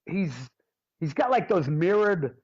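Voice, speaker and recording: A male drummer spins stories in a loose, joking way and swears as he goes. His voice sits a bit high for a man. The recording sounds dull and lo-fi. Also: a little slow. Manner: animated, jokey, swears freely. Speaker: drummer, interview guest. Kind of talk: casual storytelling.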